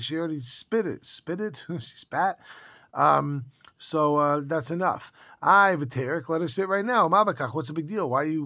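A man teaching a Talmud lesson, reading the text aloud and translating it in a quick, informal, lively way. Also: fairly high pitch, no echo. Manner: quick, informal, lively explaining with yeshiva slang.

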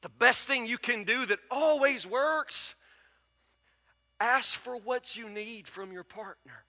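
A man's voice: extremely high pitch, takes it slowly, pushed and bright. A man, preaching a sermon with folksy stories and emphatic repetition. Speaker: pastor. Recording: long reverb of a large hall.

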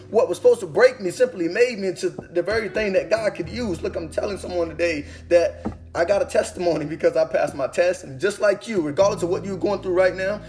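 Earnest young man preaching over soft guitar. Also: sits high. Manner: earnest, preaching cadence with repeated phrases. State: emotional, holding back tears. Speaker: motivational speaker. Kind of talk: inspirational testimony talk. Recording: faint guitar music behind. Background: soft guitar music.

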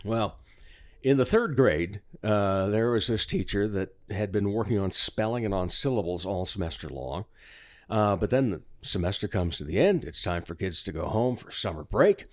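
A man, a radio guest, telling a long joke in casual studio chat, with quick spelling patter and frequent laughs. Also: on the low side, no echo. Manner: animated storyteller, rapid spelling patter, laughs often. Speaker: guest performer and podcaster. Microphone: studio microphone.

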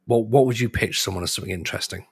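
A man's voice: lowish voice, racing, slightly rough. A man hosting a podcast, chatting casually, encouraging his guest and often murmuring agreement. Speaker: podcast host.

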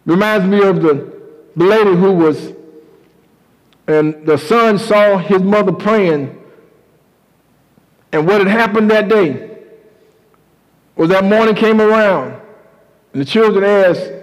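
A preacher with a high, ringing voice drives home his points, repeating key lines for emphasis. His sermon storytelling carries a long hall reverb behind every phrase. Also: takes it slowly, pauses often.

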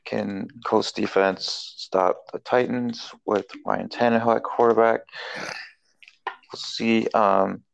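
A man's voice: fairly low pitch, fairly even intonation, slow pace, gravelly, low-quality recording. A man co-hosting a casual sports chat, making game picks in a hesitant way with many fillers. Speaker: co-host making football picks.

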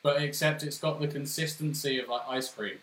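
A man's voice: a little high, steady tone, brisk, a bit bright, a little hiss or hum. English male co-host, laid-back storyteller, roomy recording with faint ambience. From England. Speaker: podcast co-host. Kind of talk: casual chat.

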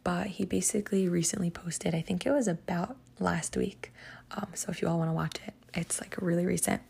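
Creaky-voiced woman telling a story. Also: fairly low pitch, steady tone, brisk, darkish tone. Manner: chatty, filler-heavy, lots of "like" and "um". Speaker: podcast host teaching Psalms. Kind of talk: casual storytelling lesson.

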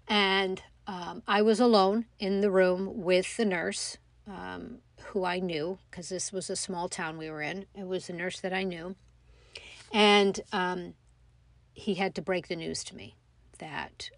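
A middle-aged woman telling a personal story in a reflective, halting way, with many pauses and fillers. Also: on the low side, fairly even intonation, no echo. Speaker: mother telling her story.

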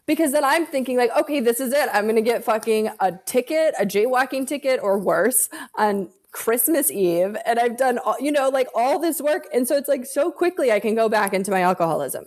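A woman's voice: fairly high pitch, animated, normal speed, darkish tone. A woman talking casually as a podcast guest, candid and swearing freely as she tells stories. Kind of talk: casual chat.

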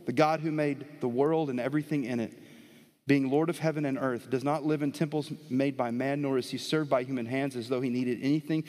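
A man preaching a sermon as pastor, animated, swinging between soft and loud emphasis, in a church with a live audience. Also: medium pitch, brisk. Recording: long hall reverb.

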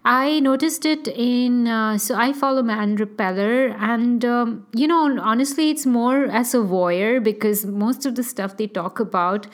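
A woman co-hosting a podcast in casual chat, talking hesitantly with many fillers and pauses. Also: on the high side. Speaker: podcast co-host.

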